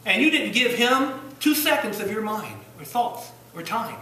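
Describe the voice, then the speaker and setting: Lively preacher man in an echoey church. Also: moderate pace, hardly any pauses, slight background noise. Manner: rising to loud bursts then dropping low, rhetorical questions. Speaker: pastor. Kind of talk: sermon. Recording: echoey church room from a distance.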